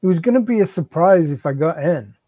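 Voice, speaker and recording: A man's voice: a little high, lively intonation, a little fast, warm tone, no echo. A man in a live reading, voicing a defensive, pleading unemployed husband and father.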